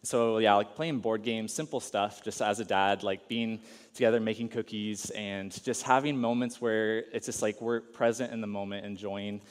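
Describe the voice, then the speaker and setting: A man's voice: lowish voice, fairly even intonation, normal speed. A man in his thirties preaching a casual, enthusiastic sermon, telling a personal family story with many fillers. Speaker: pastor. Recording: long hall reverb.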